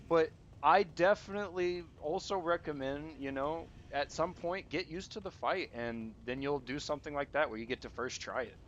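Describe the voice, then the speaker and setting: A man's voice: a little high, normal speed, hardly any pauses, highs cut off, slight background noise. A man streaming live gameplay commentary, talking straight to his viewers in a casual, rambling way, full of restarts and fillers, encouraging them as he plays. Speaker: gaming streamer.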